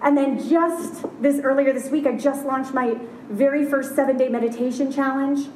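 High-voiced woman giving a lively keynote. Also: a little hiss or hum. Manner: upbeat, candid, chatty with quick asides. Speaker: keynote speaker. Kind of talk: live conference keynote talk. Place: large conference hall. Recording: roomy hall sound, heard from a distance.

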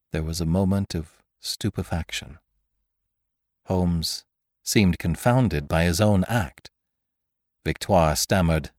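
A man narrating a classic adventure story in an expressive, dramatic audiobook style. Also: low voice, normal speed, dry recording, clean studio sound.

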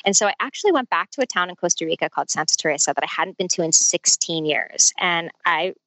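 A woman in her forties, a podcast guest telling a personal story in a lively, casual way and laughing often. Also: on the low side, fast talker, dry recording, poor audio.

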